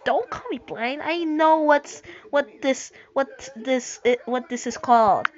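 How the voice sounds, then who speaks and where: High-voiced silly girl at a theme park. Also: a little slow. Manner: silly, swears, bickers. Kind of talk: casual vlog chat. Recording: muffled lo-fi phone audio with faint music.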